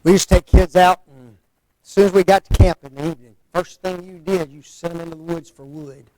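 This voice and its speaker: A man's voice: high-pitched, steady tone, brisk, a little mellow, rough recording. A man preaching a sermon in a folksy, conversational way, often asking the listeners rhetorical questions.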